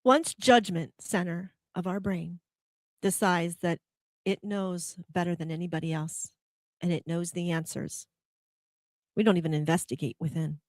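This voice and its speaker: A woman's voice: fairly low pitch, steady tone, unhurried, no echo, studio quality. A woman hosting a spiritual motivational talk, probing her listeners with rhetorical questions. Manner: acts out quoted complaints in a heated voice. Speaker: host.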